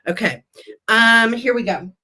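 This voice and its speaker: A woman's voice: on the high side, unhurried, pushed and bright. A woman hosting a live online vintage sale, greeting viewers effusively and counting down bids. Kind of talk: live online auction chat.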